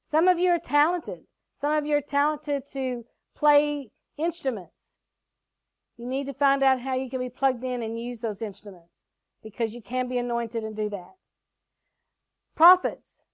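A middle-aged woman minister preaches and tells her own story in a high voice. She acts out the lines of the people in her story, with dry, close sound and no room echo. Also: unhurried. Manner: animated storytelling, acting out quoted lines. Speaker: prophet and minister. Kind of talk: testimony and sermon.

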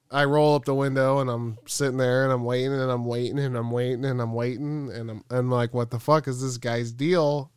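A man's voice: medium pitch, smooth, no room sound, studio quality. A man co-hosting a comedy podcast, telling a story and acting out the dialogue, swearing freely. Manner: animated, acts out quoted dialogue, swears freely. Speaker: podcast co-host.

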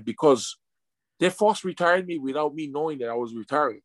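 A man's voice: fairly high pitch, lively intonation, fairly quick, no room sound. Man telling emotional story, dry sound. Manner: emotional, stumbling over repeated words. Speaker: interview guest, retired sumo wrestler. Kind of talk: casual storytelling interview.

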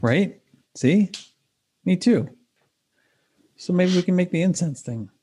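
A man co-hosting a casual chat, teasing with quick interjections. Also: sits high, lively intonation, warm tone, a little hiss or hum. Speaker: podcast co-host.

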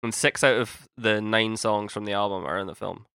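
A man's voice: fairly low pitch, steady tone, moderate pace, gravelly, pushed and bright, clear, resonant tone, dry recording, clean studio sound. A young man co-hosting a casual podcast chat, rambling and cutting himself off mid-sentence, swearing casually now and then. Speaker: podcast co-host.

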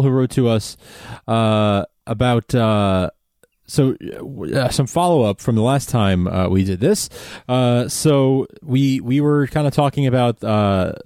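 A man hosting a casual fan podcast, his voice sitting at an ordinary middle pitch. He sounds upbeat and talks with frequent fillers and restarts. The close mic gives a dry sound. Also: dark tone, clean tone, no room sound. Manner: upbeat, hesitant with many fillers. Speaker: podcast co-host.

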